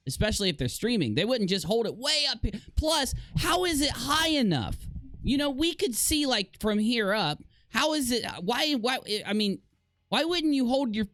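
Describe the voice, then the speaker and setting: A man's voice: sits high, no echo. Guy streaming and joking with chat, sarcastic, voice jumps all over, dry close mic. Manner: sarcastic, animated, laughs at himself. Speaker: live streamer. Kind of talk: casual live-stream commentary.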